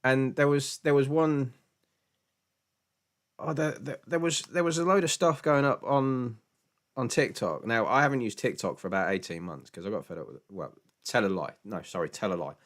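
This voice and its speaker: A man's voice: medium pitch, normal speed. A British man hosting a casual live stream Q&A, chatty and laughing often, with stammering restarts and jokey mock voices when quoting people. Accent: British English. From Britain.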